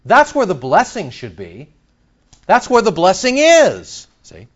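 High, lively preaching man. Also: dull audio. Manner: animated, with sudden loud outbursts and mock dialogue. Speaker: pastor. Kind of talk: sermon. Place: church.

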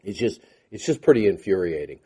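A man's voice: sits low, animated, a little fast, warm tone, slightly rough. A man teaching the Bible to a live group in a conversational, sarcastic way, with mocking asides.

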